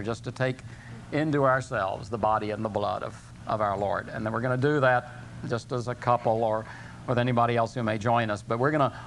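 An older man preaching a sermon as pastor, earnest, slowing and rising in pitch to stress scripture. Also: a bit bright, a little hiss or hum. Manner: earnest preaching, rising for emphasis, slow drawn-out scripture quotes.

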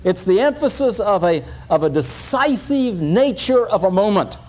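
Animated, lively-voiced male preacher. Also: sits high. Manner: animated, emphatic preaching with pauses and restarts. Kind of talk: sermon.

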